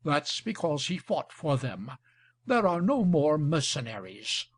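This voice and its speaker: A man reading the part of a scheming older marquis with gout, speaking in an ironic, flattering way. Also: fairly high pitch, measured pace, full character voice. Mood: wry. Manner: ironic, flattering, smooth talker.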